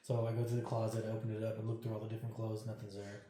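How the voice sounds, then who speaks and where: Dark-voiced man telling a ghost story. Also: lowish voice, racing. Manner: animated, acts out quoted dialogue, swears freely. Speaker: interview guest. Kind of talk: casual storytelling. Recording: very echoey room.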